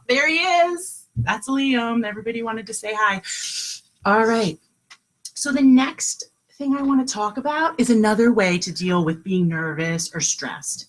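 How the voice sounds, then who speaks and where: A woman kindergarten teacher giving a live lesson from home, talking in a sing-song, encouraging way and slowing down to sound out words. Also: on the high side, poor audio. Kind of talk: live online lesson for young children.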